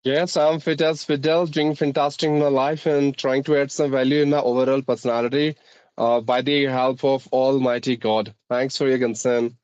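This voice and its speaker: A man's voice: mid-range voice, little pitch movement, moderate pace, darkish tone, clear, resonant tone, no echo, dull audio. A man with an Indian accent who teaches English, hosting a casual speaking-practice conversation in a formal, articulate way.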